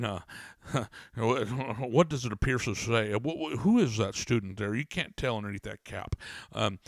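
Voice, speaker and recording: A man's voice: on the low side, vocal fry, no echo, studio quality. A man hosting a casual talk show, reading a news story aloud with stumbles and breaking off into profane, rambling commentary. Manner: rambling, swears a lot, reads aloud with stumbles. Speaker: podcast host reading news.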